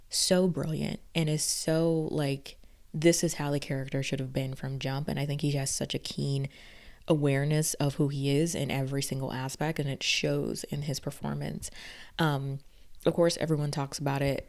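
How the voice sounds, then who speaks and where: A woman's voice: a bass voice, darkish tone. A woman from the South, reviewing a TV series in a casual, gushing vlog. She talks emphatically, repeats her praise and says "like" often. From Southern United States. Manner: gushing and emphatic, leans heavily on "like".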